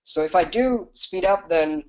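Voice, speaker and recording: A man with a fairly high voice hosts a live webinar as a business coach. He pitches in a fast, eager rush, full of fillers and restarts. The audio is dull and lo-fi. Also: darkish tone.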